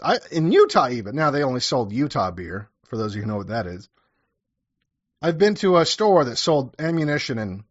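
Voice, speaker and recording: A man with a fairly high voice narrates in a loose, sarcastic manner, full of crude wry asides. The recording is dry and close, with a slightly dull, lo-fi sound. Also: no echo. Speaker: storyteller. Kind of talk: casual true-crime storytelling.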